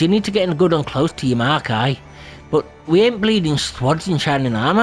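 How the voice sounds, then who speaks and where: A man voicing a cocky, small male rogue mentor with a put-on accent and rough, slangy coaching talk. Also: high-pitched, a bit bright.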